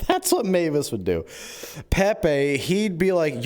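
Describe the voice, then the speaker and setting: A man streaming in-character role-play chat, excitable and scheming, cracking quick jokes. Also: high voice.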